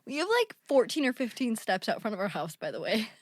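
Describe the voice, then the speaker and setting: A woman's voice: on the high side, very animated, brisk, dry recording, studio quality. A woman co-hosting a podcast in casual chat, blunt, swearing and laughing a lot. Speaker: podcast co-host.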